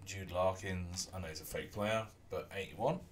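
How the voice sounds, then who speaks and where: Deep-voiced guy streaming a game. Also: normal speed, slight background noise. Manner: relaxed, rambling, hums to himself. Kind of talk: casual gameplay commentary.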